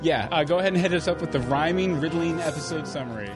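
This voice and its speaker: A man's voice: fairly high pitch, fast talker, over loud music. A man hosting a podcast in casual chat, running a playful game segment. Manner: chatty, runs a game show segment. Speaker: podcast host.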